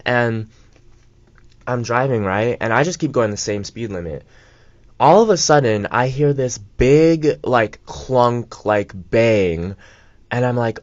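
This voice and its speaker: A man's voice: mid-range voice, lively intonation, normal speed, no echo. A young man co-hosting a radio show, telling a story in a rambling, casual way with lots of fillers and asides. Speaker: radio co-host. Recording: dull lo-fi college radio mic.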